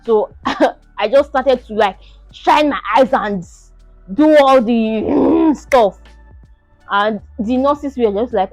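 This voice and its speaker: A young woman telling her own story to the camera in an animated, casual way, laughing often and acting out the shouts and pleas. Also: on the high side, slow, pauses often, no room sound, dull audio, faint music behind. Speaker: vlogger sharing her birth story.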